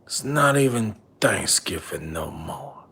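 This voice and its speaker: A man's voice: lowish voice, moderate pace, slightly rough. A comedian playing a nagging middle-aged father who drives a bus, scolding his son over and over. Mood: hushed. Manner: scolding, repetitive, drops to hushed whispers. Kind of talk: comedy character monologue.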